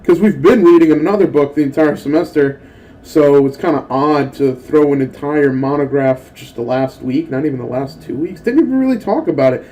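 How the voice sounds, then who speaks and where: A young adult man hosting a mobile game channel, telling profane, animated stories in casual gaming commentary. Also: on the high side, fairly quick. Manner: profane, animated storytelling rant.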